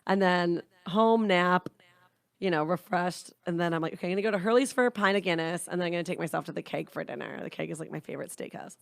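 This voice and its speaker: A woman's voice: lowish voice, quick pace, vocal fry, no room sound. A young woman from Canada, co-hosting a podcast and telling a long rambling story in casual chat, swearing now and then. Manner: rambling, animated anecdotes with frequent swearing. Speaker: podcast co-host.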